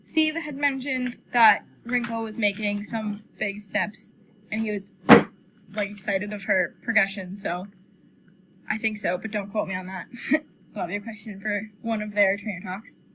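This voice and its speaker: A woman's voice: mid-range voice, measured pace, a little hiss or hum. A young woman, a dog trainer chatting casually and animatedly retelling conversations. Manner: chatty, animated when quoting people. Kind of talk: casual chat.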